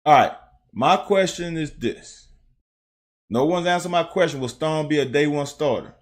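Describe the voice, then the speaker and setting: A man's voice: fairly high pitch, moderate pace. A middle-aged man with a Southern American accent, a former player who hosts and breaks down game film in a casual, profane chat with his viewers. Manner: blunt, profane, talks straight to chat viewers. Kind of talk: casual live-stream commentary.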